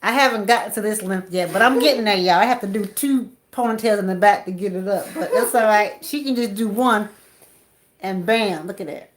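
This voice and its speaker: A woman's voice: medium pitch, fairly quick. A woman hosting a casual live stream, chatting and laughing with her viewers. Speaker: channel host.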